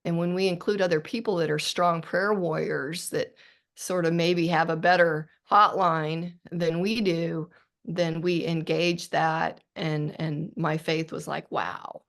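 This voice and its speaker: Low gravelly-voiced middle-aged woman. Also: steady tone, unhurried. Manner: earnest, reflective, with frequent restarts. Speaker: author guest. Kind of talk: podcast interview.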